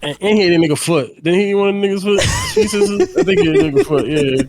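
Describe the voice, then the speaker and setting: Joking man with wildly swinging pitch. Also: wildly swooping pitch, creaky, a little mellow, a little hiss or hum. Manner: quick interjections, joking, laughs a lot. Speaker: podcast co-host. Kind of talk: casual chat.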